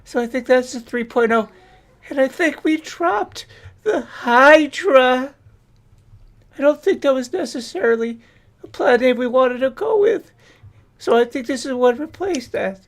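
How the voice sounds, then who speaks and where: Female witness, high voice, calm explaining. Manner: measured, explanatory. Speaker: hearing witness. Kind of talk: formal testimony.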